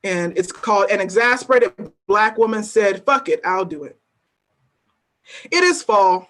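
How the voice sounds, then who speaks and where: A woman poet at an open mic, chatting briefly and then reading her spoken-word poems in a measured, weighty delivery with pointed repetition. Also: medium pitch, animated. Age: adult working as a teacher.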